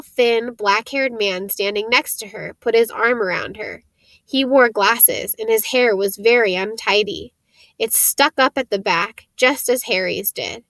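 A woman narrating an audiobook chapter in a gentle, steady storytelling voice. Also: a little high, no room sound. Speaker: audiobook reader.

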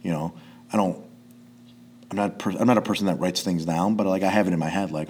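A man's voice: sits low, fast talker, a little mellow, a little hiss or hum. A man who coaches jiu-jitsu, chatting casually on a podcast, rambling and swearing, restarting his sentences often.

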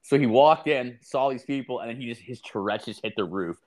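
A man's voice: mid-range voice, brisk. A man co-hosting a podcast, telling crude stories in casual chat, swearing and acting out the people he quotes. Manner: profane, laughing, acts out quoted people. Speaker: podcast co-host.

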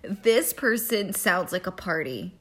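A woman's voice: fairly low pitch, animated, slow, fairly bright tone. A woman co-hosting a casual podcast, speaking frankly, laughing often and giving advice. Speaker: podcast co-host. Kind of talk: casual chat.

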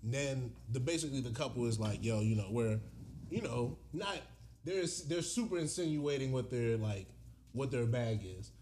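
A man tells a story in a casual chat, with speech. He slips into acted voices for the people in it and keeps an animated, storytelling manner. Faint noise runs under his voice. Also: medium pitch, normal speed. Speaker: podcast co-host telling a story.

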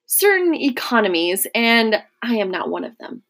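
A woman reading the part of a charming, scheming young Roman nobleman, smooth and mocking with a quiet menace. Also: a little high, sing-song, moderate pace, heavily acted. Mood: coaxing. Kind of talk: audiobook character reading.

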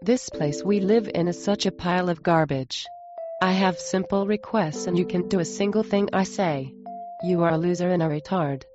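A woman's voice: fairly low pitch, normal speed, lightly acted. A woman playing a cold, contemptuous wife. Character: cruel, contemptuous wife insulting her husband. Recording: muffled sound with music behind.

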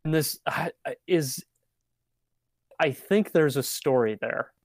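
A podcast co-host chatting casually at an unhurried, halting pace, full of fillers and quick laughs. The voice sits close and dry, with no room around it. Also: mid-range voice, lively intonation, no echo. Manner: hesitant, with many fillers and frequent laughter. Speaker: podcast co-host reviewing an album. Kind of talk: casual chat.

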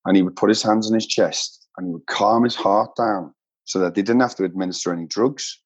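Telling emotional, personal stories with earnest feeling, a man appearing as a podcast guest keeps dropping "mate." He speaks fairly quickly in a lowish, slightly rough voice, and the recording sounds dull and lo-fi.

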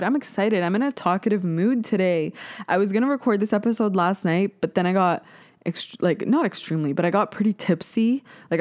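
A woman's voice: lowish voice, a little mellow. A woman in her twenties with a Canadian accent, hosting a casual solo podcast, chatty and swearing freely. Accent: Canadian English. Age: 20s. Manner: chatty, swears freely, slips into mocking voices. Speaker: podcast host.

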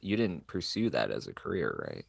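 Young woman, very deep voice, lively intonation, dry sound. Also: moderate pace, gravelly, husky, dry recording, muffled recording. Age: young adult. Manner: self-deprecating, many fillers like "like". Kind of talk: casual chat.

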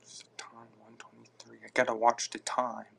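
A man's voice: medium pitch, monotone, moderate pace, gravelly, pushed and bright, slightly rough. A man hosting a casual live podcast on his phone, rambling and reacting aloud to listener comments. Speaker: podcast host.

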